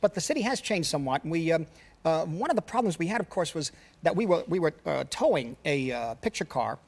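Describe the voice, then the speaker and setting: Rapid-fire New man telling stories. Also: fairly high pitch. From New York. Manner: rapid, animated, laughing storyteller. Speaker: talk show guest, film director. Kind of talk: anecdotal storytelling. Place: television studio.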